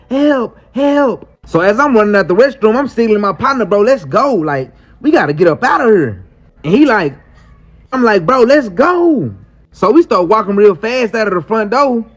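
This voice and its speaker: A man casually telling a wild personal story in slangy speech, acting out the quoted lines. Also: high voice. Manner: animated, slangy, acts out quotes. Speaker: storyteller in a clip. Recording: muffled clip with faint music.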